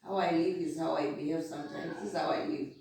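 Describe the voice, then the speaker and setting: A woman's voice: low voice, fairly even intonation, fast talker, vocal fry, darkish tone. A woman giving blunt, casual motivational talk about business, eating between points. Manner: direct, blunt, talks while eating. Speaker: vlogger. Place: indoor room, sitting on the floor. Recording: very echoey room, distant mic, faint noise.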